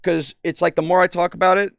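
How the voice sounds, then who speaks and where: A man's voice: sits high, flat delivery, vocal fry, clean tone, dry recording. A man streaming and chatting casually, telling rambling stories and often stopping to hunt for words. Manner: meandering, halting, searches for words.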